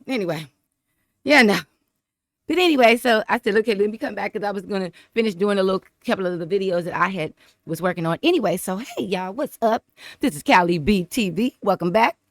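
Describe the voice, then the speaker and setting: A woman's voice: medium pitch, a bit bright, dry recording, studio quality. A woman vlogger, rambling through casual political commentary, repeating herself and laughing often.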